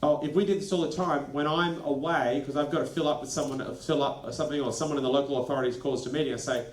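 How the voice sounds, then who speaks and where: A man presenting a lively workshop to school leaders, animated and acting out quick snippets of dialogue. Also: mid-range voice, faint music behind. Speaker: education consultant presenting a workshop. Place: training venue. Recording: echoey room.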